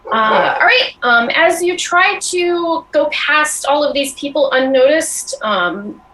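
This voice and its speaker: High-voiced woman narrating as game master. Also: animated, takes it slowly, pushed and bright, low-quality recording.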